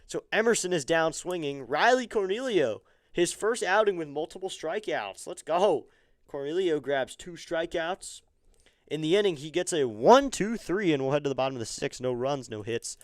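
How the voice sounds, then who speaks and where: A man giving excitable live fan play-by-play of a baseball game on his stream, chatting with viewers between pitches. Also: clean tone, no room sound, studio quality. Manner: chatty, excitable on big plays.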